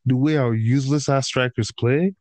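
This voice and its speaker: A man talks football in a heated, profane rant, peppering his sentences with "bro" and "man". His pitch sits in an ordinary middle range, and the sound is close and dry with no room around it. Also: moderate pace, a little mellow, no room sound. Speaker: podcast host and football fan. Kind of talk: casual chat.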